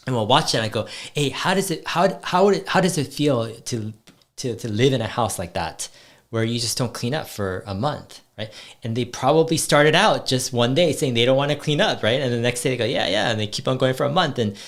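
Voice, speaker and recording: A middle-aged man speaks at an ordinary pitch in a loose, unscripted monologue. He trips over words and repeats them as he goes. His tone jumps up when he acts out what his kids say. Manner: rambling, repeats words, quotes his kids in lively voices. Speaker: host. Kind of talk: casual monologue on parenting.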